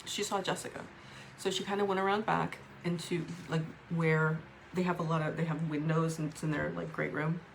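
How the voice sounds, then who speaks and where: A woman talking to camera in a raw, emotional vlog, upset and swearing, with halting restarts. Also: low-pitched, flat delivery, gravelly, a little hiss or hum. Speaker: vlogger.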